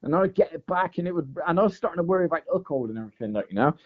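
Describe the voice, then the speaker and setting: Speaking very fast in a slightly high voice, a man tells a long fishing story while guesting on a podcast. The chat is casual and animated, thick with "mate" and "like," and the audio is dull and lo-fi.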